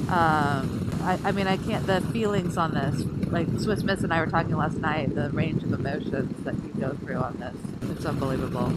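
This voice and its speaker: A woman vlogging while riding a scooter outdoors on a helmet mic, tired and rambling in a playful, silly way that slips into emotional talk. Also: sits low. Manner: playful, silly, jumps between jokes and emotion. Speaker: motorcycle rally vlogger. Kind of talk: casual rambling vlog. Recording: loud wind noise.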